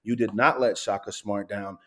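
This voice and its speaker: A man ranting on a casual sports podcast, swearing and tripping over his words, saying he is high. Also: steady tone, moderate pace, pushed and bright. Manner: profane, ranting, stumbles and repeats words. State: says he is high. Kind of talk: heated casual sports talk.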